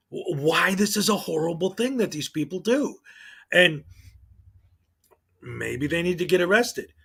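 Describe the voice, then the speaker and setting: A man with a fairly high speaking voice rants in casual channel commentary. He turns sarcastic and exasperated, with heavy sighs between points. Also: gravelly, fairly bright tone, husky. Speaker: online video commentator.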